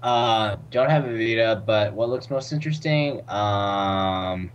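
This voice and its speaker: A man's voice: lowish voice, slow, muffled recording, a little hiss or hum. A man co-hosting a casual gaming podcast, speaking hesitantly as he searches for words. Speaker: podcast co-host. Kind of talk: casual chat.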